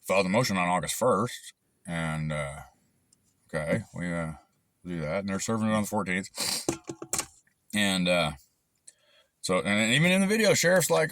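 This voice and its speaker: A man's voice: fairly low pitch, normal speed, pauses often, fairly bright tone. A man telling a long, frustrated story in a rambling, casual way with lots of fillers and restarts. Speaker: channel host recounting a dispute.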